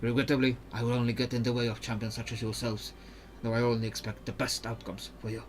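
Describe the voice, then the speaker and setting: Brief: calm, guarded adult freedom fighter, one steady low tone, put-on accent; a man voicing him. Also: fast talker, background noise, close to an everyday voice. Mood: earnest. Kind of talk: reading game dialogue aloud.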